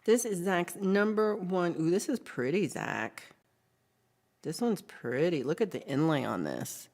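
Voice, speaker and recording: A woman's voice: lowish voice, lively intonation, unhurried, a little mellow. A woman hosting a casual livestream, chatting with viewers and reading their messages aloud, with frequent ums. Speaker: livestream host.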